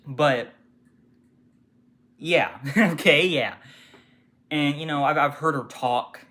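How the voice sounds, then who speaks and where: A young man casually ranting about his retail job, swearing freely and mimicking customers with sudden shouts. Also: a little high, slow pace. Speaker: retail worker telling customer stories. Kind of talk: casual storytime rant.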